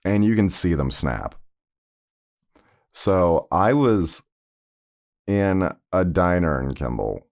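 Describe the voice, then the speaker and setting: Low, gravelly man telling stories. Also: expressive, slow, long pauses, darkish tone. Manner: conversational, rambling with many fillers. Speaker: podcast host. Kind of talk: personal storytelling podcast.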